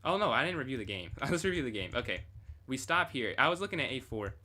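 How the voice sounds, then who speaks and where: A man's voice: medium pitch, very animated, quick pace, sharp tone. A young man casually reviewing his own chess game on a stream, thinking aloud and chatting with viewers.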